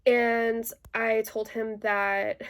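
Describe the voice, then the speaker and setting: A woman with a slightly high voice tells a personal story straight to her viewers. She talks casually and chattily, with plenty of "like" fillers. An indignant edge runs through the retelling. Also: level tone, extremely slow, a bit bright. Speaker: vlogger telling a personal story.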